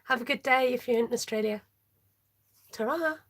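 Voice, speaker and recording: A woman hosting a live card-making tutorial, chatting warmly as she reads out viewer votes and laughs often. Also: a little high, moderate pace, no echo, studio quality. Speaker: card-making livestream host. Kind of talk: live crafting tutorial chat.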